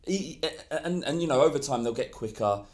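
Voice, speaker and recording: A man's voice: mid-range voice, animated, fast. A man co-hosting a football podcast, ranting heatedly in casual chat and swearing freely. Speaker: podcast co-host.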